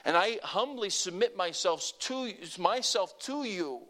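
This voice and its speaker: A man preaching a sermon to a congregation, earnest and conversational, rising to emphatic peaks and dropping to soft, quiet asides. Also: sits high, lively intonation, measured pace, few pauses. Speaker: pastor.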